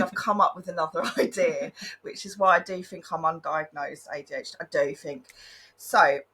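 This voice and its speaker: A woman's voice: lowish voice, bright, forceful tone, husky, poor audio. A woman in her thirties co-hosting a podcast, earnestly sharing ideas and tips in casual chat. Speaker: podcast co-host.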